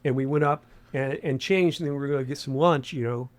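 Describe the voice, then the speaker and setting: A man's voice: mid-range voice, quick pace. A man in his sixties from West Virginia, with a faint Appalachian accent, speaking as an interview guest. He rambles, restarting phrases and leaning on fillers. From Huntington, West Virginia. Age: 60s. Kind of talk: conversational interview.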